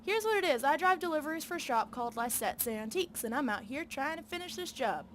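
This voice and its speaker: A woman's voice: high voice, lively intonation, fast talker, a little hiss or hum. A woman voicing a weary older male truck driver with a Southern drawl, reading game dialogue aloud.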